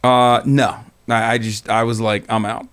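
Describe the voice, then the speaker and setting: A man's voice: mid-range voice, flat delivery, unhurried, a bit bright, clean tone. A man, a live streamer and podcast guest, talking in a casual, sarcastic way and swearing freely. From Turkey.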